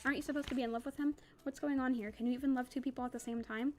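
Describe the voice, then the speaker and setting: A woman's voice: high-pitched, steady tone, rapid-fire, a little mellow, faint music behind, lightly acted. Confusion, a woman reading a quizzical emotion. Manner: coaxing, quizzical. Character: Confusion, a fussy personified emotion.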